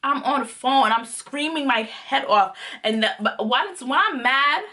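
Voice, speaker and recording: A young Jamaican woman with a Jamaican accent, telling a personal story casually to her vlog audience, animated and full of swearing. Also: sits high, normal speed. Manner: animated, profane, acts out quotes. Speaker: storytime vlogger.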